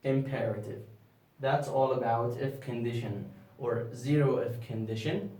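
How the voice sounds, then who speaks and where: A man whose first language is Arabic teaches English grammar at a slow, deliberate pace, often stopping to quiz his students. His voice sounds distant from the mic and echoes around the room. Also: mid-range voice, fairly even intonation, mellow. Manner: slow, patient, asks the class questions and repeats key words. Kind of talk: classroom grammar lesson.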